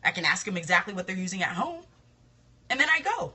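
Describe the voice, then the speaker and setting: A confident woman talks casually on a live stream, stressing and repeating her points. Her voice is bright and forward with a husky edge. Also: medium pitch, sing-song, quick pace. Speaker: esthetician coaching other estheticians.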